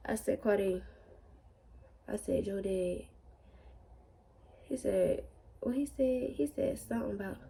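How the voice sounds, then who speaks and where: A young woman telling a storytime vlog while crying, halting and full of fillers. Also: mid-range voice, creaky, mellow, husky. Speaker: vlogger.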